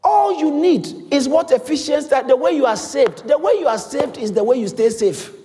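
A man preaching a sermon in a large hall, with lively repetitions and call-and-response to the congregation. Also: very high-pitched, moderate pace. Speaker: pastor. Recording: echoey hall.

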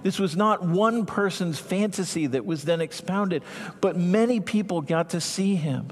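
Husky-voiced male pastor preaching in a reverberant hall. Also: high-pitched. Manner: earnest, emphatic, slows to stress key words. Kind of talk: sermon.

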